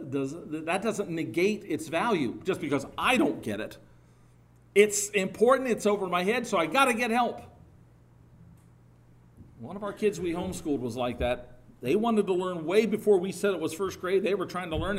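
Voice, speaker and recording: A middle-aged man preaching a sermon as pastor, earnest and lively, with rising emphatic bursts and some halting restarts. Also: high voice.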